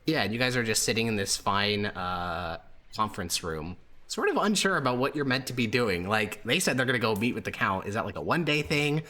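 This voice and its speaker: A man narrating as game master for a tabletop campaign, relaxed and full of "uh" fillers. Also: lowish voice, brisk.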